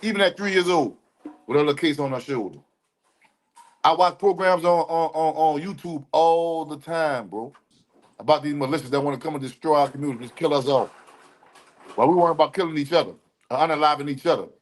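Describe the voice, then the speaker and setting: Slangy man hosting a livestream. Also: fairly high pitch. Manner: loose street slang, drawn-out emphatic asides. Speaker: podcast co-host. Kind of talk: casual livestream chat.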